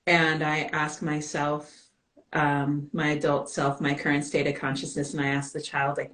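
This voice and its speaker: A woman guest in a casual live-stream chat, speaking calmly and reflectively. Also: sits low, moderate pace, rough recording.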